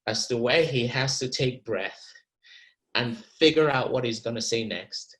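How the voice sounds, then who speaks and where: A man teaching an acting masterclass, talking in an animated, encouraging way and repeating words as he thinks. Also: mid-range voice, unhurried, rough recording. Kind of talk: masterclass coaching.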